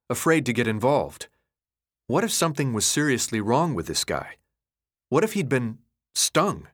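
A man narrates a novel with expressive storytelling. His pitch sits mid-range but moves in lively arcs through each sentence. It is a scripted audiobook reading.

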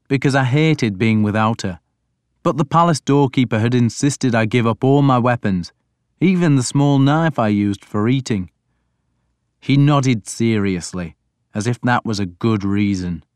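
A man giving a deliberate, even first-person audiobook narration. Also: medium pitch, no echo, clean studio sound.

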